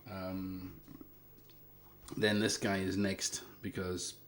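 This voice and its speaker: Speaking extremely slowly and with a completely flat delivery, this Scottish-accented man from the Isle of Lewis answers viewer questions on his casual livestream, rambling and hesitating with plenty of fillers. He's a hobbyist hardware maker, and his low voice is a bit bright over slight background noise.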